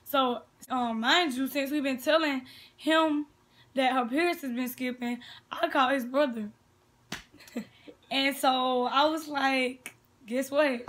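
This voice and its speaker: A woman's voice: high voice, slow pace, fairly bright tone. A young woman, chatting casually and animatedly retelling events with quoted dialogue. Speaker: sister of the vlogger. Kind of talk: casual chat.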